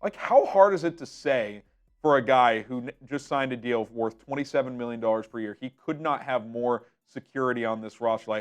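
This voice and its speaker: A man's voice: mid-range voice, lively intonation, moderate pace, faint music behind. A man hosting a sports show, ranting with frustration and emphasis, stumbling over repeated words, his voice wearing thin. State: losing his voice.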